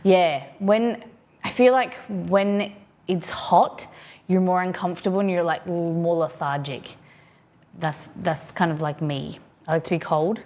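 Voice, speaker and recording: A chatty Australian woman with a slightly low voice talks casually to her viewers from her desk at home. She rambles and reads their messages aloud as she goes. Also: steady tone, a little slow, a little mellow. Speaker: livestreamer.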